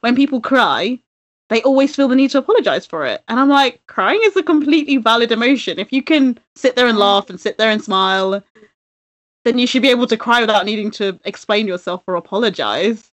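Lively high-voiced woman co-host. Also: fairly quick, highs cut off. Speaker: podcast co-host. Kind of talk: casual chat.

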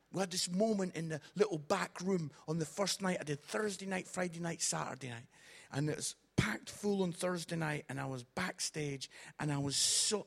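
A man preaching a sermon full of comic stories, moving from hushed reflection to shouting excitement. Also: fairly high pitch, gravelly, breathy edge.

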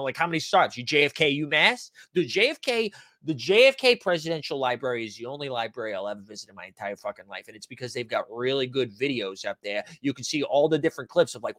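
Man doing a brash Boston bro, thick Boston accent, swaggering, crude, lively swoops in pitch, dry close sound. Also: fast, dry recording, close to an everyday voice. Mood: ribbing. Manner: crude, swaggering, calls everyone dude and bro.

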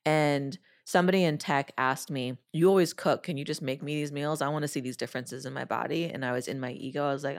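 A woman podcast host telling a personal story in a casual interview, acting out her own past remarks in a lively way. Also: low voice, fast.

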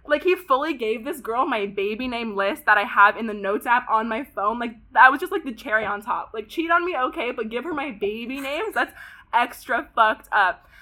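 A woman of about twenty from Pasadena, California, telling a story as a podcast guest in an animated way, saying "like" constantly and swearing often. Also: a little high, moderate pace. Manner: animated, heavy use of "like", frequent swearing. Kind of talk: casual storytelling interview.

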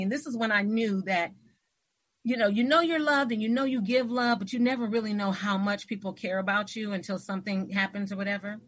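Husky-voiced woman telling animated stories. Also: medium pitch, brisk. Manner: animated storyteller, acts out quoted voices. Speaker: host. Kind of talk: casual interview conversation.

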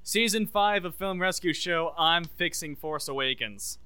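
A man in casual podcast chat, rambling enthusiastically as he pitches his own fixes for stories. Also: unhurried, pushed and bright, clear, resonant tone, dry recording. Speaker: podcast co-host.

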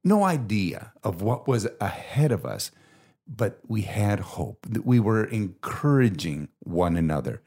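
Deep-voiced middle-aged guy, podcast host, earnest heartfelt storytelling about faith. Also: sing-song, unhurried, darkish tone.

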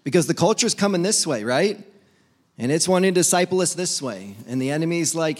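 A man's voice: a little high, animated, fairly quick. A young adult man preaching a casual, humorous sermon as pastor, acting out little back-and-forth dialogues between people and God.

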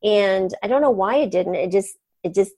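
A woman in her forties, a physician guest, telling a story in an animated, chatty way with many fillers and laughs. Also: mid-range voice, moderate pace, dry recording. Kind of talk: conversational storytelling.

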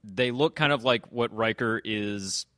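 Man, podcast host, bright, rambling casual recap, dry close mic. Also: on the low side, measured pace, no room sound. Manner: loose, rambling recap, often slips into quoting characters. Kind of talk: casual chat.

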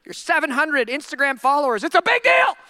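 A male pastor preaching a sermon in a humorous, animated storytelling way. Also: very high voice, a little fast, no room sound, studio quality.

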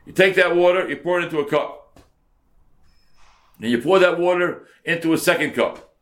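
A man's voice: on the high side, moderate pace, fairly bright tone. A man teaching a Torah class as a rabbi, translating verse by verse and repeating words for emphasis.

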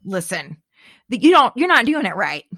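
A middle-aged woman in casual chat, animated and dramatic, laughing often. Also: a little high, moderate pace, no room sound, studio quality.

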